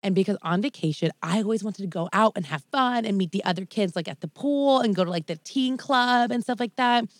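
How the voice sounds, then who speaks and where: A woman co-hosting a podcast, telling a story in an animated way with lots of "like" fillers. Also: medium pitch, a little fast, hardly any pauses, no room sound, studio quality. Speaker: podcast co-host. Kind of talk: casual chat, storytelling.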